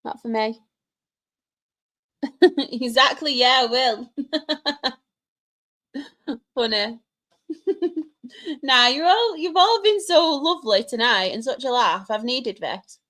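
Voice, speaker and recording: A young woman from Manchester with a Mancunian accent chats on a live stream, answering her viewers' questions. She laughs often and keeps up friendly banter. Her voice sits a little higher than most women's. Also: sharp tone. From Manchester, England. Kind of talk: casual live-stream chat.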